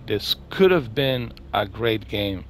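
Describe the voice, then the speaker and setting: A man's voice: on the low side, expressive, slow pace, a bit bright, a little hiss or hum. A man hosting a gaming video, rambling through a casual spoken review with many fillers and repeated words, dejected and mumbling.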